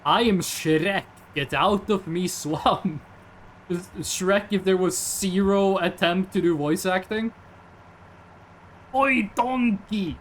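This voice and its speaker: A man's voice: sits high, takes it slowly, slight background noise. A man putting on a grumpy swamp ogre. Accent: mock Scottish. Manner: gruff shouting, little voice acting.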